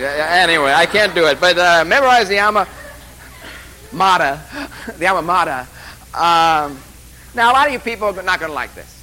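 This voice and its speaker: A man's voice: fairly high pitch, sharp tone, slight background noise, poor audio. A man lecturing a class at a course orientation, rambling and joking with emphatic asides. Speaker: college instructor.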